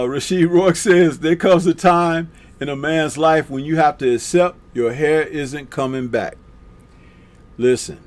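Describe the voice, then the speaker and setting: A man hosting a boxing talk live stream, chatting casually and reading out viewer comments with a laid-back, drawn-out delivery. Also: fairly high pitch, darkish tone.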